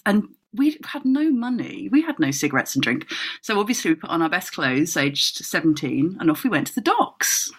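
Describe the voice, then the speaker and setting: Woman from Cornwall, lowish voice, wry self-mocking storyteller, casual chat. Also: very animated, moderate pace, slightly rough. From Cornwall, England. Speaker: guest.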